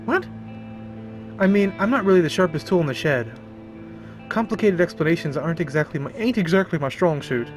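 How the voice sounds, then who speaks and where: A man's voice: a little high, animated, brisk, long pauses, soft background music. A man streaming a game, reading the story text aloud and breaking off for crude, jokey remarks and laughter. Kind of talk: reading a visual novel aloud with commentary.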